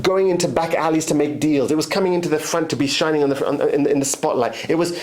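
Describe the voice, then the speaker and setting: A man's voice: a little high, quick pace, darkish tone. A man giving a motivational monologue as host, emphatic and repetitive, often restarting his sentences.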